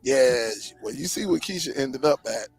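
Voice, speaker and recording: A man hosting a live stream, telling stories in a lively, casual way, stretching words for emphasis. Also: mid-range voice, gravelly, husky, faint music behind. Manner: lively storyteller, drawn-out emphasis, frequent laughs. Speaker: host. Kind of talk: casual chat.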